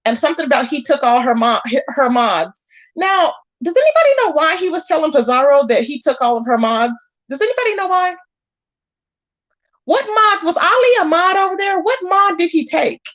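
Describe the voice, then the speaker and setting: A woman, hosting a live stream, commenting casually in an animated and exasperated way as she acts out quoted lines. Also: extremely high pitch, normal speed, muffled recording.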